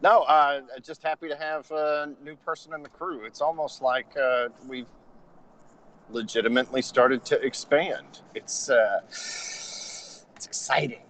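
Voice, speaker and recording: A man's voice: fairly high pitch, steady tone, unhurried, a bit bright, a little hiss or hum. A man co-hosting a podcast, chiming in with dry wisecracks in a casual chat. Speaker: podcast co-host.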